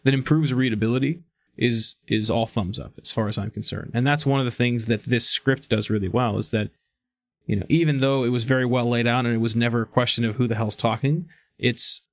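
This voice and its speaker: A man's voice: medium pitch, steady tone, brisk, no room sound. A man co-hosting a comic book podcast in casual chat, enthusiastic and rambling, often restarting his sentences. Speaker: podcast co-host.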